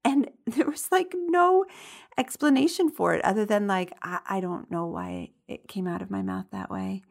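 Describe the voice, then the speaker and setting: This woman hosts a show and reads listener stories out loud in an easy, chatty way. She giggles a lot, and her voice sits at an ordinary middle pitch. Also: very animated, normal speed, creaky. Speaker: podcast host. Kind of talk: casual reading of listener stories.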